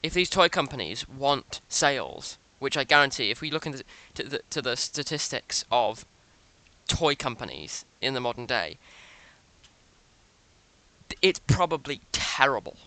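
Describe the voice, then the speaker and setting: A man's voice: mid-range voice, very animated, moderate pace, sharp tone, no echo. A young man ranting with profanity and sarcasm as host of a reaction video. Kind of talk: ranting commentary.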